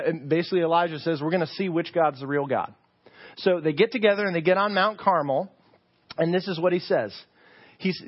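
A man preaching a sermon as pastor, telling the story with animated asides and rhetorical questions. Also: fairly high pitch, lo-fi sound.

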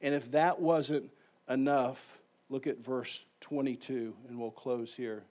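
A man preaching a sermon in a church, moving between quiet, intimate lines and emphatic ones, and inviting the congregation to respond. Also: medium pitch, fairly even intonation, slow. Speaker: pastor. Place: church sanctuary.

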